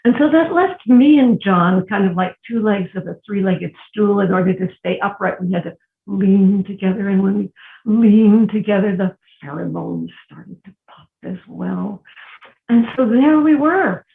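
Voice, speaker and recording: Gravelly older woman telling a story. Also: medium pitch. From New York City. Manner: wry, unhurried, with self-mocking asides. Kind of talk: personal storytelling. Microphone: video call. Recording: phone-like, echoey room audio.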